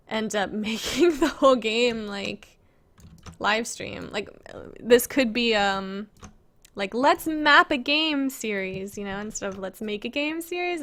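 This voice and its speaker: A woman's voice: on the high side, fairly bright tone. A woman casually chatting on a live stream as she shows her game-making work, giggling and rambling as she reads viewer questions aloud.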